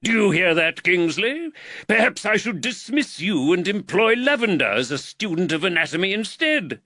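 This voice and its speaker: A haughty old-time surgeon who needles his students with mock sweetness, as a man puts him on. The voice swoops up high and bright, close and dry. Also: very animated, normal speed, no echo, full character voice. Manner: mocking, imperious. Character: teasing arrogant upper-class male surgeon.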